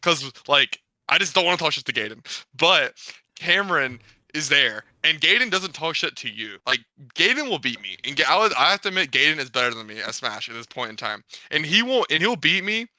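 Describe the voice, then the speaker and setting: A young man chatting on a podcast with a very bright, forceful tone. His delivery is dry and close, rambling and emphatic, with plenty of casual swearing. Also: a little high, very animated, fairly quick, no room sound. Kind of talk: casual chat.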